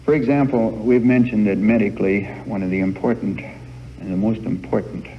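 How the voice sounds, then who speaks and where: A man giving a frank family life lecture to a live group, folksy and halting, recorded on worn old reel-to-reel tape in a hall. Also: fairly low pitch, steady tone, dull audio, a little hiss or hum. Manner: folksy, halting with many uh fillers.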